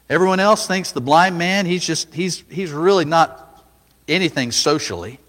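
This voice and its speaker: A man preaching a sermon, dramatic, rising to loud cries when he acts out a scene. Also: medium pitch, lively intonation, a little slow, long reverb tail.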